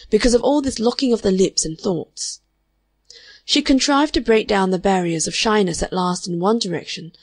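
A woman's voice: medium pitch, breathy edge, no echo. Woman narrating a novel, dry sound. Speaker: audiobook narrator. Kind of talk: scripted narration of a classic novel.

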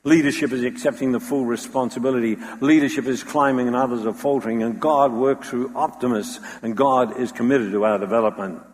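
A man's voice: mid-range voice, fairly even intonation, fairly quick, few pauses, a little mellow. A man preaching a sermon with dramatic storytelling, acting out the voices he quotes. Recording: long hall reverb.

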